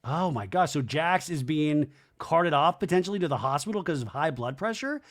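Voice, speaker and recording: A man hosting a podcast, recapping a reality show in an animated, gossipy, rambling way. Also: fairly high pitch, moderate pace. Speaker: podcast host. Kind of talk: casual comedic TV recap.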